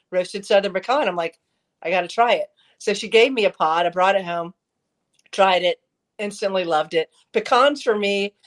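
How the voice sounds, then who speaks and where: A middle-aged woman chatting casually as a co-host, telling anecdotes with quoted back-and-forth. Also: on the low side. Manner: storytelling, lively anecdotes with quoted dialogue. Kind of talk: casual chat.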